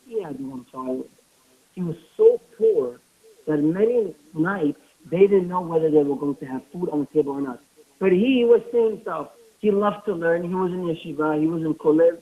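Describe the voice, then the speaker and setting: A man's voice: on the high side, a little fast. A man giving a sermon who tells stories and asks rhetorical questions as he teaches. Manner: rhetorical questions, animated storytelling. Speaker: rabbi giving a talk. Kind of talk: sermon with storytelling. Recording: tinny phone-like lo-fi audio.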